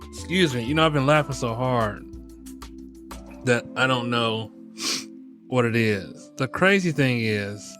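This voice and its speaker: A man's voice: medium pitch, takes it slowly, long pauses, soft background music. Laughing, cussing male podcast host. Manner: animated, laughing, profane, talks to listeners as y'all. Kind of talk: casual comedic podcast monologue.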